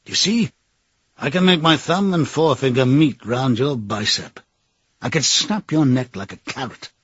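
A man reading the part of a cold, menacing middle-aged interrogator who speaks slowly and deliberately. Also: medium pitch, fairly bright tone, slightly rough, dry recording, muffled recording. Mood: taunting.

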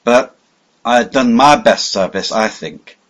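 A man reading a first-person story aloud in a measured, dramatic way. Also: medium pitch, a bit bright. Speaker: audiobook narrator. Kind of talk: scripted narration. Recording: dull lo-fi audio.

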